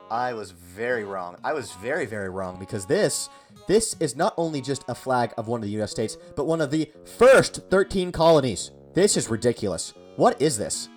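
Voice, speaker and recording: A man's voice: mid-range voice, animated, moderate pace, soft background music. Exasperated young man ranting comically. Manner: exasperated, mock-outraged, repetitive. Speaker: comedy video host. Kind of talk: comedic rant.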